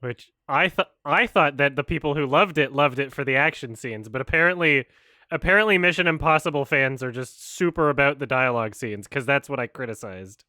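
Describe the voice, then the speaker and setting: Guy mumbling snarky comments during a watch-along, bright edgy voice, dead dry room. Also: medium pitch, brisk, dry recording. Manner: dry sarcastic asides, mumbled reactions. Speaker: host reacting to a show.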